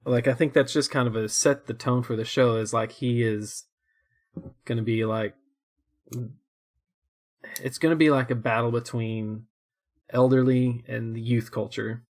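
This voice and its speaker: A young man trades opinions in a relaxed co-hosted chat. He rambles, circles back on himself and breaks into laughter often, with a middle-pitched voice. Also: measured pace, long pauses. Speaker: co-host. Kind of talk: casual chat reviewing shows.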